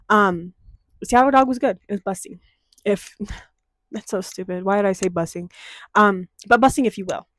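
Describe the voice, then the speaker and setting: Profane, animated young woman telling a story. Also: mid-range voice, no room sound. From Denver, USA. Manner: animated, profane, dramatic storytelling with quoted voices. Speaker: vlogger. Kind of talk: casual storytime chat.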